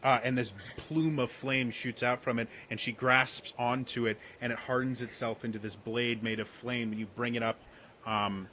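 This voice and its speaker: A man narrating a tabletop game as game master, in a casual, halting way with many fillers. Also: medium pitch, level tone, sharp tone, slight background noise.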